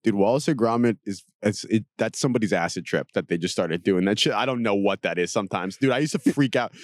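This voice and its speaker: A man co-hosting a podcast in casual chat, animated and laughing, full of slang and swearing. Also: on the low side, fast, no echo, studio quality. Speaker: podcast co-host.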